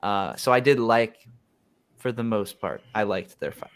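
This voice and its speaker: A man on a podcast, giving a measured, thoughtful take in casual chat. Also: on the low side, clear, resonant tone. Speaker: podcast guest.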